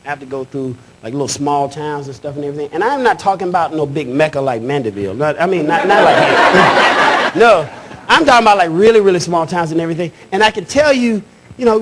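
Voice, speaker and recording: A male stand-up comedian who tells his stories with lots of animation. His voice is high and bright and jumps around in pitch. He shouts his punchlines.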